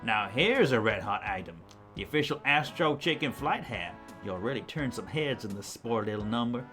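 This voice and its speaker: A pushy alien shopkeeper with folksy, hard-selling patter, as a man puts him on for a game playthrough. The accent drifts as he talks, and his pitch swoops up and down. Soft music plays underneath. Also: animated, normal speed. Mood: salesy. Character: pushy male alien gift-shop salesman.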